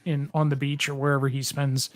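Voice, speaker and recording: A man's voice: medium pitch, little pitch movement, brisk, dry recording. A man co-hosting a casual livestream, commenting in a wry, mocking way. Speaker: co-host.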